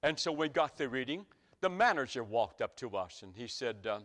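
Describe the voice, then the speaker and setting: A man's voice: medium pitch, normal speed, a bit bright. A middle-aged man, preaching a sermon with folksy stories that climb to emphatic peaks.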